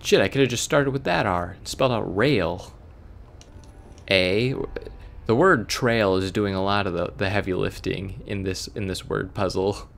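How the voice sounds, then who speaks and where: A man from Florida talks over a video game in a rambling, sarcastic way, drifting into side stories. His voice sits low and has a gravelly fry, with a faint hiss behind it. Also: measured pace, a bit bright. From Florida, USA. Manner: rambling, sarcastic, digressive storytelling. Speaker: let's play commentator. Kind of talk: casual gameplay commentary.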